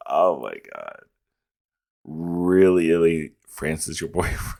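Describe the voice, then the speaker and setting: A man's voice: low voice, slow, darkish tone. A man with a rural American accent, reacting to a comedy clip in a laid-back, rambling way. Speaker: reaction video host. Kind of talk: casual commentary.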